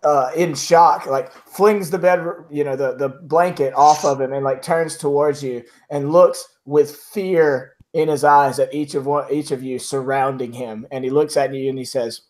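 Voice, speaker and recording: Man, game master, casual, filler words, medium pitch. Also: fairly even intonation, a little mellow. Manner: casual, with filler words, reads descriptions slowly. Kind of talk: narrating a tabletop game.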